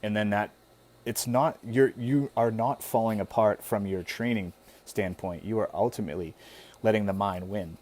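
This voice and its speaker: A man talking as guest host in a casual live-stream coaching talk, relaxed and conversational, now and then acting out an anxious inner voice. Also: lowish voice, normal speed.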